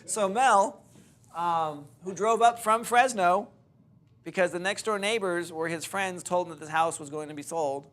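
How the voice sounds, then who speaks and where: Animated male instructor telling a story. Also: high-pitched, unhurried. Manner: animated storyteller, acts out quoted dialogue. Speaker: real estate course instructor. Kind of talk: storytelling to a seminar audience.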